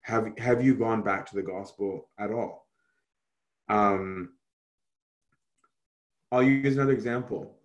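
A man's voice: on the low side, slow, long pauses. A man teaching an Orthodox Christian class over a video call, talking casually and asking many rhetorical questions.

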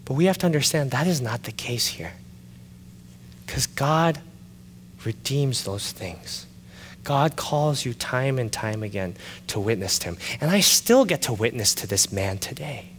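A male pastor telling a personal story in a sermon, animated and shifting from loud excited retelling to quiet confession. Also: medium pitch, measured pace, big-room sound, slight background noise.

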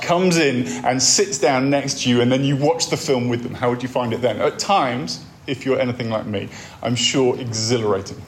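A man's voice: mid-range voice, slight background noise. A man giving a wry, conversational talk on a faith course, telling stories to make his points. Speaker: course speaker.

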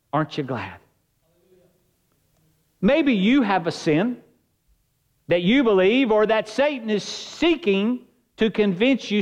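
High-voiced preaching man, slightly dull recording. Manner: earnest, conversational preaching with shifting emphasis. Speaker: pastor. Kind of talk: sermon.

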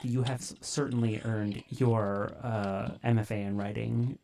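A woman with an unusually deep voice hosts a podcast over a remote call. She rambles a little and pokes fun at herself, keeping things loose and casual. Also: fairly even intonation, a little slow, creaky, background noise. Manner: self-deprecating, rambling. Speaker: podcast host. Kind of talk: casual chat.

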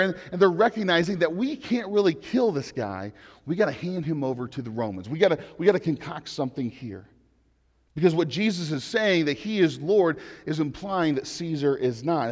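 A man delivers an earnest, reflective sermon, pausing to read and unpack scripture. His voice sits a little high for a man. The sound carries a long reverb, as in a large hall. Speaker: pastor.

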